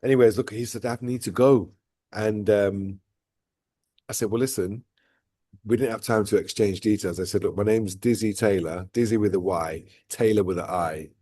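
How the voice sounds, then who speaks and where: A man's voice: lowish voice, fairly even intonation, moderate pace, dark tone, dry recording, clean studio sound. A man hosting a vlog, talking casually and at length, often tagging "right?" and "look" onto his points. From outside Dubai. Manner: rambling, repeats "right?" and "look". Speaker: vlog host. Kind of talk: casual reflective chat.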